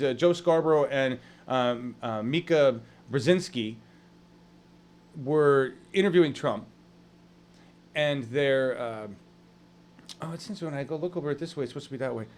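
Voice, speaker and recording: Man, online news host, casual stream talk, a bit high-pitched, halting and rambling. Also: darkish tone. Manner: rambling, halting, many fillers, greets viewers from the chat.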